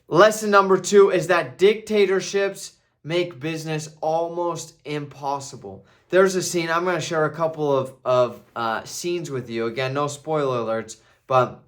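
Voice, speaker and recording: A man's voice: medium pitch, fairly bright tone. A man talking casually as a movie reviewer, restarting phrases and tagging his points with "right?". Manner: conversational, repeats himself, tags "right?". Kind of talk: casual video commentary.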